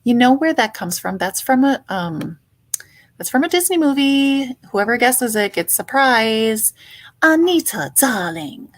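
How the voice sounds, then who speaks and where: Woman hosting a livestream, unhurried, chatty and playful with her chat. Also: a little high, expressive. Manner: chatty, greets viewers warmly by name, playful. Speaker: livestream host. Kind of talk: casual livestream chat greeting viewers.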